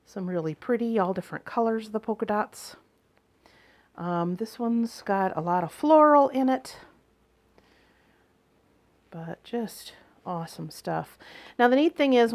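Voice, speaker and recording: A middle-aged woman chatting through a haul video, telling stories in a chatty way and acting out the people she talks about. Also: mid-range voice. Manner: chatty, exasperated retelling with quoted exchanges. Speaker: reseller vlogger. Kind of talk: casual haul vlog storytelling.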